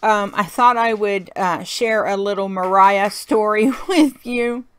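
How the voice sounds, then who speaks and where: A woman's voice: medium pitch, unhurried, clear, resonant tone. A woman hosting a card-making tutorial, talking in a chatty, folksy way while she works and laughing often. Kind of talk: casual crafting tutorial narration.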